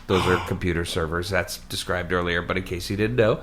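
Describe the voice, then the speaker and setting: A man's voice: deep voice, fairly quick, few pauses. A man co-hosting a casual podcast, chatting and then reading a thriller passage aloud with mock-dramatic flair. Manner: lively, slips into mock-ominous delivery. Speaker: podcast co-host.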